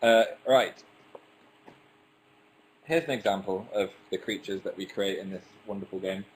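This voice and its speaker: A man's voice: lowish voice, measured pace, slight background noise. A young man hosting a casual livestream, chatting and reading out viewer comments, self-mocking and tripping over his words now and then. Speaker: livestream host. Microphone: webcam.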